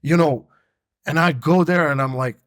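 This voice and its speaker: A man's voice: a little high, normal speed. A male podcast host in casual chat, laid-back, swearing and laughing often.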